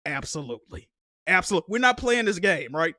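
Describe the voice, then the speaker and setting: A high-voiced young man talks fast while profanely ranting on his live stream about a game console event, animated and frustrated. The recording is dry and studio quality.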